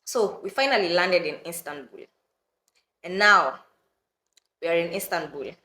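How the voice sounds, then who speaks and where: A young woman from Kenya telling a story to her viewers in a lively, dramatic way, often breaking into laughter. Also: fairly low pitch, measured pace, echoey room. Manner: animated, dramatic retelling with laughter and mock crying. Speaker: vlogger. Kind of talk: casual storytelling to camera.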